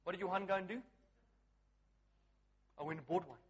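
Guy preaching, real high pitched, goes quiet then loud, keeps asking the room stuff. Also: fairly quick, slightly rough, in a large hall. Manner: animated, asks the crowd questions, swings from hushed to loud. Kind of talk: sermon.

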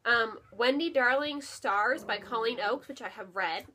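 A woman with a slightly high voice chats at home in a loose, eager way. She fills her talk with ums and likes and repeats words for emphasis. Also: measured pace, sharp tone, slight background noise. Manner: chatty and enthusiastic, with many fillers and repeated "really". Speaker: book vlogger. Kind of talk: casual chat. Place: home, near her bookshelf.

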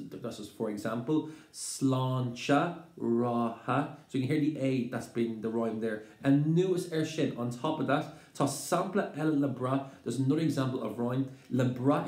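A man's voice: mid-range voice, darkish tone. A man with an Irish accent teaching a lesson on a poem, switching between Irish phrases and English explanations. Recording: roomy echo.

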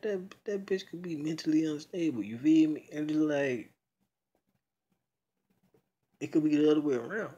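A man's voice: on the high side, mellow. A young man casually retelling a story in a rambling, slangy way, cursing freely. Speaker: video blogger.

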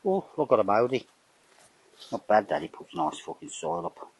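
A man's voice: fairly low pitch, sing-song, moderate pace, darkish tone, breathy edge, no echo, rough recording. An older man giving a rambling, casual commentary outdoors in his garden, swearing in nearly every sentence. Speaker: vlogger narrating home renovation.

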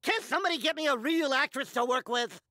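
An actor playing a brash young rooster movie star who talks in wisecracks. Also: male voice, very high-pitched, lively intonation, fast, dry recording, studio quality, full character voice. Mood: sulky. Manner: wisecracking and loud. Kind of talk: cartoon voice acting.

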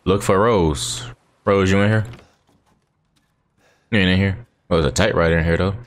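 Over his gameplay, a low-pitched man chats at a moderate pace for his gaming channel. The banter is laid-back and full of slang, with him talking back to the game.

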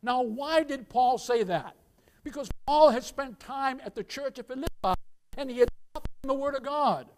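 A pastor preaching a church sermon, emphatic, firing rhetorical questions, calling for amens and addressing the congregation as beloved. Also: male voice, very high-pitched, moderate pace. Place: church service.

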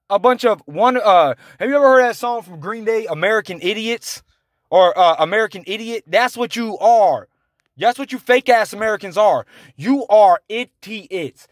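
Angry man ranting, high voice. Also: lively intonation, dry recording, studio quality. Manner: confrontational, insulting, halting with fillers. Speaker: vlogger. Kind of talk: angry rant to camera.

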